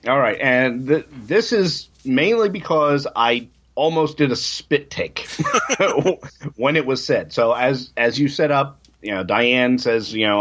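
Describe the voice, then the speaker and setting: Husky-voiced male podcast guest. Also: mid-range voice, unhurried, a bit bright, dull audio. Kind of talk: casual chat.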